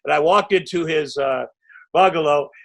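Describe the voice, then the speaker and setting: A man guesting on a podcast, telling a rambling, self-interrupting anecdote and breaking into loud acted quotes. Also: a little high, normal speed. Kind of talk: anecdotal storytelling.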